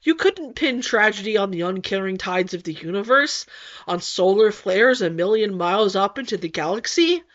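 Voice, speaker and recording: A woman narrating a fan-written story as an audiobook, with an expressive, comic delivery. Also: mid-range voice, moderate pace. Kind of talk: audiobook fanfic reading. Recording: dull lo-fi recording.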